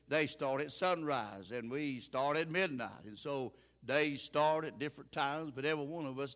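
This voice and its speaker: A man's voice: on the high side, pushed and bright. An older man preaching a sermon in a folksy, plain-spoken way, chuckling now and then.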